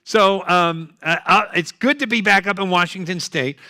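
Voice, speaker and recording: Bright-voiced older male stand-up comic. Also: high voice, moderate pace, dry recording, clean studio sound. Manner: punchy, joking, chatty. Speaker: comedian. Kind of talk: stand-up comedy set.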